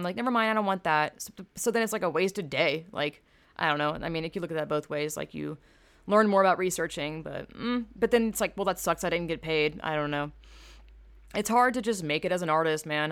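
A woman's voice: fairly low pitch, clear, resonant tone. A young woman hosting her own podcast, talking in a casual, rambling way with lots of swearing, fillers and blunt opinions. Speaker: podcast host. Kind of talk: casual solo podcast monologue.

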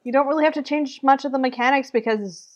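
A woman's voice: high-pitched, quick pace, dull audio. Woman chatting casually, laid back, short wry replies. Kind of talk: casual chat.

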